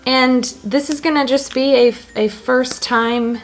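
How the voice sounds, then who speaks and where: A woman's voice: sits high, fairly even intonation, a little slow, faint music behind. A woman casually talking through her makeup routine step by step, chatty and joking as she goes. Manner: chatty, self-narrating each step; joking asides. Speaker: beauty blogger.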